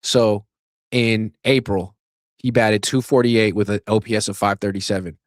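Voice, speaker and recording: A man's voice: lowish voice, normal speed, no room sound, clean studio sound. A man hosting a sports show, ranting in casual, sarcastic commentary that is full of swearing, and getting worked up as he goes. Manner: animated, sarcastic, swears, rants at length. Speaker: sports podcast host.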